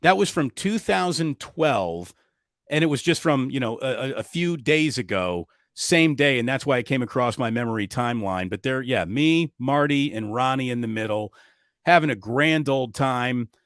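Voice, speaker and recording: A man co-hosts a sports talk show in a relaxed, easygoing way, trading jokes and recollections. His voice is at a middle pitch, and it is recorded close and dry. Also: moderate pace, dry recording. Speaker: sports radio co-host. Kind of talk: casual sports talk chat.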